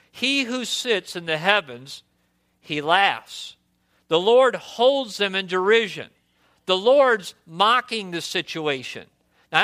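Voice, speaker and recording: A man's voice: high voice, sharp tone. A man preaching a sermon as pastor, impassioned and full of rhetorical questions.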